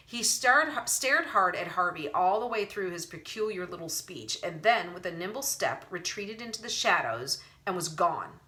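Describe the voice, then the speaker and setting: A woman's voice: lowish voice, expressive, normal speed, hardly any pauses, pushed and bright. A woman reading a storybook aloud as narrator, telling the story with expression. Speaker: audiobook narrator. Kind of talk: audiobook narration.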